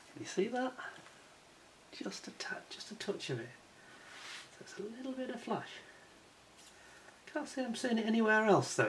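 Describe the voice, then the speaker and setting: A man's voice: mid-range voice, fairly bright tone, slight background noise. Chatty man reviewing a model kit. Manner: chatty and admiring, with wry self-mocking asides. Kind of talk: casual hands-on product review.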